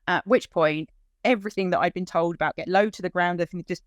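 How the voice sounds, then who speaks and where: Here a lowish-voiced woman talks fast as she recounts looking for her lost dog, performing the dialogue along the way. Her animated delivery lifts whenever the emotion takes hold.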